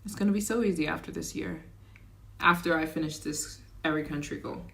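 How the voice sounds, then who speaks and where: A woman chats loosely on her travel livestream, reading out donations and answering viewers. Her voice sits a little on the low side, and she talks in an easy, rambling way. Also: animated, brisk, creaky, a bit bright. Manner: chatty, reads donations aloud, rambling asides; slips into a put-on accent at times. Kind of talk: casual livestream chat.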